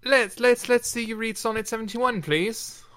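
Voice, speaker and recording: A man hosting a casual podcast, chatty and encouraging, fussy about clear speech. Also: very high voice, normal speed, fairly bright tone. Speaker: podcast host.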